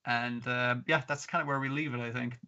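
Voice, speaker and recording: A man's voice: mid-range voice, steady tone, a little fast, sharp tone, lo-fi sound. A man co-hosting a casual podcast, swearing freely and acting out characters' lines as he recaps episodes. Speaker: podcast co-host. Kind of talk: casual anime podcast chat.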